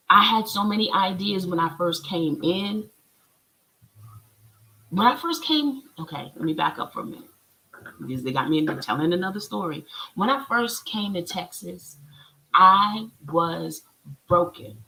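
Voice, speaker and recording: Gravelly-voiced woman chatting on a live stream. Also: lowish voice, fairly bright tone, poor audio. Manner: chatty and colloquial, preachy encouragement. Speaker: spiritual healer reading oracle cards. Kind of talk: casual live-stream chat.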